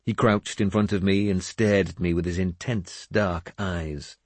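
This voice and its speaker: A man narrating a first-person audiobook in a measured, expressive way on a close studio mic. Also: low voice, no room sound.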